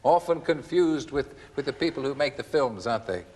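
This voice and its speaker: A man's voice: mid-range voice, expressive, a little fast, darkish tone. A man hosting a television chat show, interviewing guests with wry, teasing banter. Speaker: talk show host. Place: television studio. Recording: studio reverb with audience.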